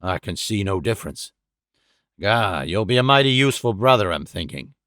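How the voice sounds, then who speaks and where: A hulking, menacing boss of a criminal lodge, speaking low and gruff with a rough edge, as a male narrator puts him on. The voice sits below the reader's own, heavy and domineering. It is recorded dry and close. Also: animated, normal speed, fairly bright tone, dry recording.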